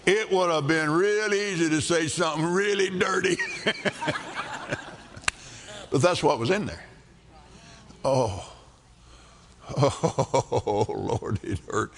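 An older preacher tells a folksy story from the pulpit, laughing often and swinging his pitch widely. His voice is gravelly, and the sound rings through a large hall. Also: a bit bright. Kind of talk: sermon with storytelling. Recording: echoey hall.

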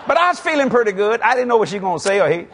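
A man preaching a sermon, telling a story with shouts and acting out both sides of the exchange. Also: high-pitched, very animated, rapid-fire. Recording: live with a faint crowd and noise.

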